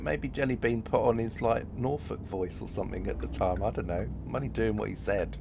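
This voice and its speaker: A man talks through a game on a live stream, his low voice gravelly and full of fry. He rambles, chats easily with his viewers and keeps giggling at his own jokes. A faint hum of noise sits behind him. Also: normal speed, few pauses, a little mellow. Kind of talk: live-streamed gameplay chat.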